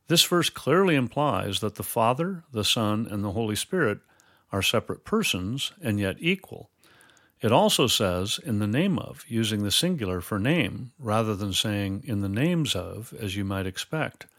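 A man teaching Bible doctrine in a measured, explanatory way, quoting scripture formally. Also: lowish voice, big pitch swings, fairly bright tone, dry recording, clean studio sound. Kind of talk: scripted theological dialogue.

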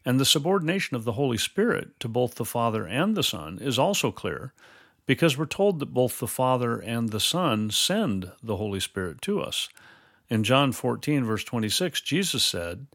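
A man teaching Bible doctrine in a measured, explanatory way, quoting scripture formally. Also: mid-range voice, sing-song, a bit bright, no room sound, studio quality. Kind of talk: scripted theological dialogue.

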